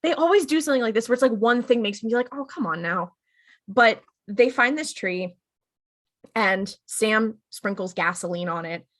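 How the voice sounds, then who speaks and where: A woman co-hosting a casual podcast, recapping an episode in a loose, chatty way. She slips into quick paraphrased lines for each character without fully acting them. Her voice sits at an ordinary middle pitch. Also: fairly bright tone. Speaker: podcast co-host.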